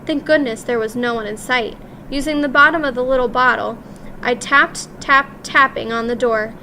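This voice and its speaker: Bright-voiced woman reading a story aloud. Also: a little high, moderate pace, a little hiss or hum. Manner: lively, expressive first-person telling. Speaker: audiobook reader. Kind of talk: storybook narration.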